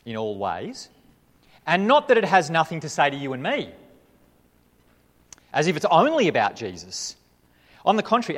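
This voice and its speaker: A man preaching a sermon in a church hall, his voice sitting slightly high and swinging widely up and down. He talks emphatically and leans on rhetorical questions. Every word trails off into a long hall reverb. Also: a bit bright. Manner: emphatic, rising and falling delivery with rhetorical questions. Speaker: pastor.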